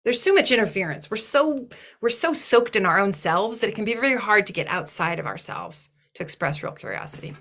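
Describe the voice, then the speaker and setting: A woman's voice: medium pitch, lively intonation, brisk, fairly bright tone. A woman giving a thoughtful, earnest talk in a webinar, often restarting her phrases as she works through an idea. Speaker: webinar guest speaker.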